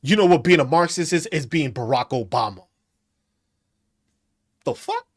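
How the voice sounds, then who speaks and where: Male podcast host, mocking and crude, high voice that swings a lot. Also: big pitch swings, normal speed, slightly rough. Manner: mocking, profane, laughing between taunts. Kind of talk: ranting commentary reacting to comments.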